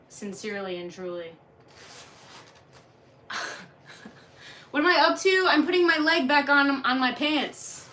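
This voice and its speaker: Bright-voiced woman chatting on a live stream. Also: a little high, slight background noise. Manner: jokey and crude, answers viewers directly. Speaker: livestreamer reading chat. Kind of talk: casual live-stream chat.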